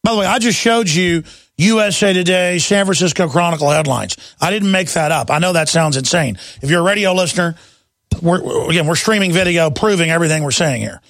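A man's voice: on the high side, brisk, fairly bright tone, no echo. A man hosting a call-in talk radio show, ranting intensely and combatively into a studio mic.

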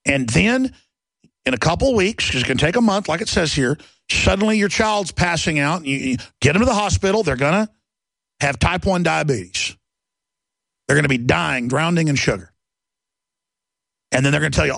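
A man hosting a talk show, delivering a heated, mocking rant and mimicking others in shrill voices. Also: expressive, moderate pace, vocal fry, fairly bright tone, no room sound.

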